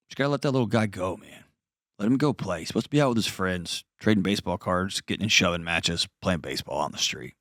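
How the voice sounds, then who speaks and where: With a low voice and fairly bright tone, a radio host talks quickly and sincerely to a caller, offering life advice. He coaches bluntly and hammers points through repetition. The close-miked studio recording is clean with no room sound.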